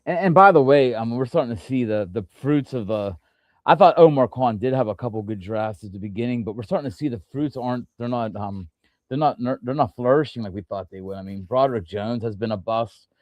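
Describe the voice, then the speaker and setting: A man's voice: mid-range voice, fairly quick, highs cut off. A man hosts a casual sports talk show in a mid-range voice. He rambles and restarts his sentences often, filling gaps with "um." The recording is dry, with no room echo. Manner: rambling, many restarts and fillers. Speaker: podcast host.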